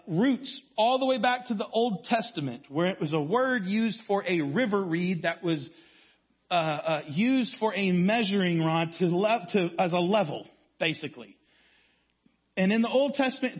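A man with a high, husky voice preaches a sermon, weaving in stories. He swings from strong emphasis down to hushed, quiet lines. The recording sounds a little dull and lo-fi. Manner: storytelling preacher, varies volume from strong to hushed. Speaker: youth pastor.

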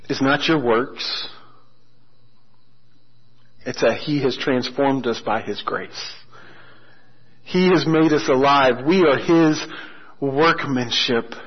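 A man preaching a sermon as a pastor, telling stories with humor and slowing down hard on key phrases. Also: medium pitch, slightly rough. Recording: muffled lo-fi sermon recording.

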